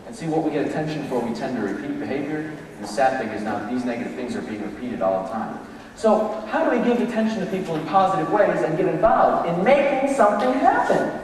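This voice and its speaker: A man giving a lively motivational leadership talk to a live audience, acting out the voices of people in his examples. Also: on the high side, slight background noise. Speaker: motivational speaker. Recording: echoey hall, mic from a distance.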